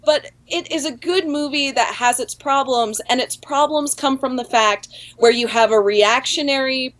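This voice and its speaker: A woman's voice: sits high, moderate pace, a bit bright. A woman co-hosting a podcast, chatting casually and ranting at length with strong opinions. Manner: opinionated, talks in long run-on rants. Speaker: podcast co-host. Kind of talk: casual panel chat.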